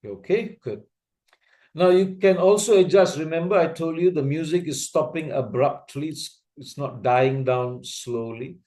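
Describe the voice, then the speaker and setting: A man with an Asian English accent walks his learners through a video-editing tool at an unhurried, deliberate pace. He is patient and repeats each step. He keeps checking that everyone can see what he means. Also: a little high, mellow. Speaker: trainer teaching video editing. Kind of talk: slow step-by-step software tutorial.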